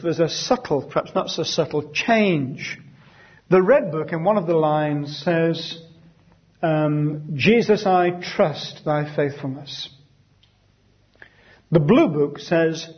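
Man teaching scripture, husky. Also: on the high side, lo-fi sound. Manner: reads scripture slowly and deliberately, then explains conversationally. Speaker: Bible study leader. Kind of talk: Bible study teaching.

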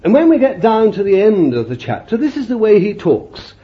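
A man's voice: high voice, huge pitch swings, moderate pace, few pauses. A man preaching a fervent sermon, emphatic and exclaiming, reading scripture aloud. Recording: dull lo-fi recording.

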